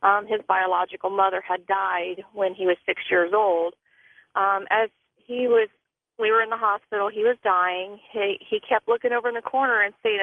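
A woman's voice: mid-range voice, fairly even intonation, moderate pace, no echo. Woman caller on a tinny phone line. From Florida. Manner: plain storytelling, acting out quoted speech. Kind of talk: personal story told on a call-in show.

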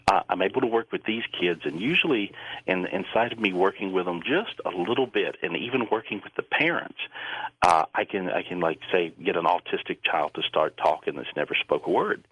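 A deep-voiced man with a husky edge talks earnestly and at length, circling back over his own words. His voice sits close and dry on the mic. The audio has the dull, muffled sound of a radio broadcast. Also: no room sound. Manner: earnest, rambling, halting with repeated words. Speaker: psychic guest. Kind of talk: radio interview chat.

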